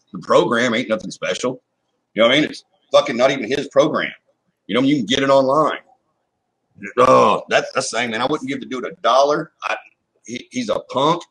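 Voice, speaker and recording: A man's voice: mid-range voice, fairly bright tone, breathy edge, rough recording. A man co-hosting a casual talk show, speaking bluntly and heatedly, swearing and repeating "you know what I mean". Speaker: co-host. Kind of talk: casual chat.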